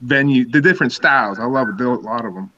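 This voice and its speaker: A man chatting casually on a livestream, agreeable and quick to laugh. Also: mid-range voice, bright, forceful tone. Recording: dull lo-fi sound.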